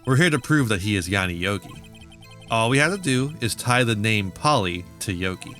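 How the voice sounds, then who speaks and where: A man voicing an earnest young male defense lawyer in a game, deliberate and determined. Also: on the low side, animated, pushed and bright, faint music behind. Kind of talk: reading game dialogue aloud.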